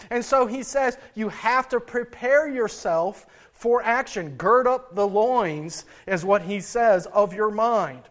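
A man's voice: very high voice, unhurried, few pauses, a bit bright. A middle-aged man, a pastor, preaching a sermon in a folksy, storytelling way and chuckling at his own anecdotes.

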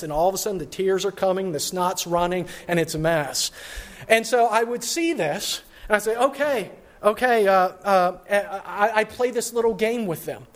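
A man's voice: sits high, moderate pace. A man pastor giving a sermon, telling a personal story in a conversational way with frequent restarts.

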